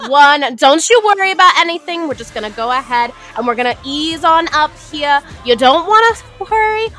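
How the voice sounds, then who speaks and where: A woman's voice: on the high side, bright, forceful tone. A woman putting on the voice of her doting grandmother while coaching a treadmill workout, dropping Yiddish words and calling everyone honey. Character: doting older grandma, fussing and cheerful.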